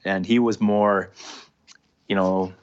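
With a low, level voice and a slow delivery, a man in his thirties chats as a guest on a podcast. He used to play hockey, and his casual talk wanders with frequent fillers and restarts. Faint noise sits under the dull, lo-fi recording.

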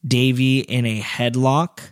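Male podcast co-host, animated storyteller, mid pitch, dry sound. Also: slow pace, smooth, no echo. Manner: animated storyteller, acts out quotes in a high quivering voice. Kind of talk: casual chat.

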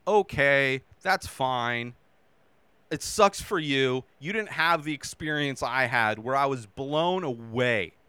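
A man hosting a casual movie review show, talking animatedly and acting out his own reactions with sudden shouts. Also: on the high side, sing-song, a little slow, smooth, no echo.

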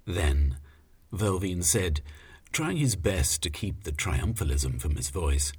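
A man reading an audiobook story in plain, measured narration. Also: low voice, very animated, slightly rough.

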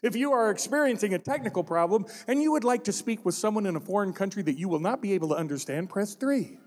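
A man imitating an automated phone menu voice that rattles off options in a flat, mechanical way, heard with a long hall reverb. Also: sits high, quick pace. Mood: droning.

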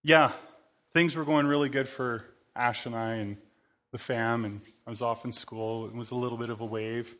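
A man's voice: medium pitch, fairly even intonation, normal speed, fairly bright tone. A man giving a loose, conversational sermon, rambling and informal with lots of fillers. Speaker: preacher.

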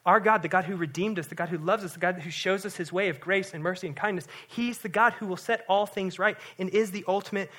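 A man's voice: sits high, fast, hardly any pauses, sharp tone. A middle-aged man, a pastor, giving an earnest, conversational sermon with frequent restarts.

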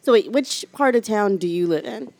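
A woman's voice: medium pitch, animated, moderate pace, darkish tone, low-quality recording. A woman hosting a casual chat, asking curious follow-up questions and laughing along. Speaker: host.

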